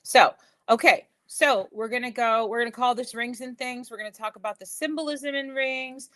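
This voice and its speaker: A woman's voice: on the high side, moderate pace. A middle-aged woman chatting casually on a live stream about jewelry, telling stories with lots of fillers and repeated words, with a slight whistle in her speech from a missing tooth. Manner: chatty, animated storytelling with frequent fillers and repeats.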